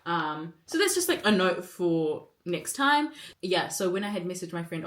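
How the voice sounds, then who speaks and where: A woman's voice: lowish voice, lively intonation, fairly quick, a bit bright, slight background noise. A woman in her twenties talking to camera in a rambling, candid way, full of fillers and self-mocking asides. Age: 20s. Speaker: vlogger and actor. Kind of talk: casual chat to camera. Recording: roomy echo.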